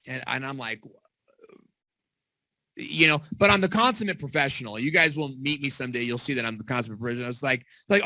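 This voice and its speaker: A middle-aged man coaching on video marketing in a casual, animated way, telling stories with acted-out quotes, recorded in a home basement studio. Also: on the high side, a little fast, dry recording. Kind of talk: casual teaching talk.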